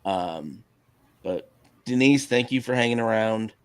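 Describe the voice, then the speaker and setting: A man's voice: on the low side, animated, a little slow, clean tone, dry recording. A man hosting a live stream, chatting casually with a co-host, hesitant and often chuckling. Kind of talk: casual chat.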